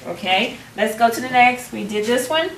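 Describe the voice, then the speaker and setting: A woman's voice: fairly high pitch, expressive, moderate pace, a bit bright. A woman, teaching a classroom phonics lesson, patiently prompting her students and restarting phrases. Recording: roomy, distant, faint background noise.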